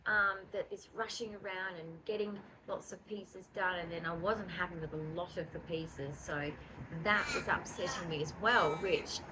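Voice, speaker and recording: An Australian woman chats casually and reflectively, often trailing off mid-thought. A steady hiss runs under the recording. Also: fairly low pitch, normal speed. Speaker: vlogger. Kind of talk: casual chat. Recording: noisy home recording.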